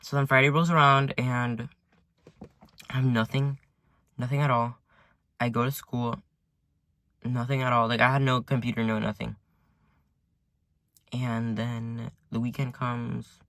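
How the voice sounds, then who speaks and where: A man's voice: mid-range voice, little pitch movement, measured pace, creaky, long pauses, sharp tone, no echo. A teenage boy telling a casual storytime to his viewers from his parked car, rambling, full of "like" and swearing. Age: teen. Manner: rambling, heavy use of "like", swears often. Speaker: vlogger. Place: sitting in his car at home.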